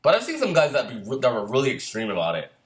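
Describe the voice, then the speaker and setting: A man's voice: mid-range voice, wildly swooping pitch, fast talker. A middle-aged man, a screenwriter and former Marine, telling stories in casual chat, rambling and swearing freely, often restarting his sentences.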